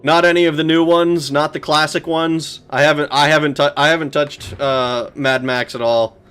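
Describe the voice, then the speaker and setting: A man streams a game with casual, rambling commentary, swearing, laughing and talking back to his chat. His voice is fairly high, a bit bright and steady, at a moderate pace, with clean audio.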